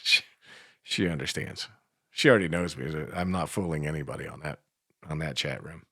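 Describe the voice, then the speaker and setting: A man's voice: extremely low pitch, moderate pace, gravelly, pushed and bright, breathy edge, dry recording, studio quality. A man with an Appalachian accent co-hosting a radio show, swearing and laughing through self-mocking stories in casual chat. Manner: foul-mouthed, laughs often, self-mocking storyteller. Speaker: radio co-host. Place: radio studio.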